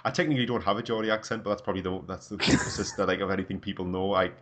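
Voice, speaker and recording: A man with a northeast English accent chatting casually on a podcast, animated and swearing freely. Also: sits low, racing. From North East England, near Durham. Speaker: podcast co-host. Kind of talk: casual chat.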